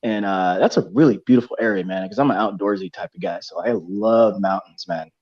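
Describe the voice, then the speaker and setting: Slangy, rambling man with a low voice. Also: fairly quick, darkish tone, no room sound. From Texas. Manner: rambling, slangy, many fillers and restarts. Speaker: podcast co-host. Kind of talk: casual storytelling chat. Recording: dull dry studio sound.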